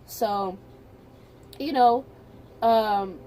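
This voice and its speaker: A woman vlogger casually telling a personal story, animated and chatty, often repeating herself. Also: on the high side, very slow.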